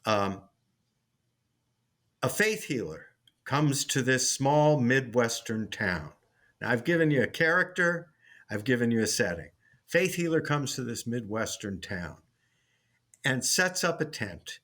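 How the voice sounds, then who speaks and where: A man's voice: medium pitch, sing-song, measured pace, long pauses, a bit bright. A man, a sitcom writer and teacher, telling a story in an interview, with frequent restarts.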